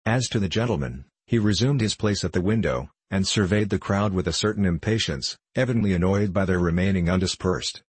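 A man narrating a classic novel in a measured, formal storytelling manner. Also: sits low, breathy edge, no room sound. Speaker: audiobook narrator.

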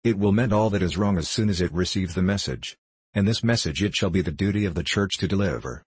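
A gentle older bishop, read by a man in an audiobook, earnest and measured. The voice is deep and slightly husky. The sound is dry. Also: no room sound. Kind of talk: audiobook character reading.

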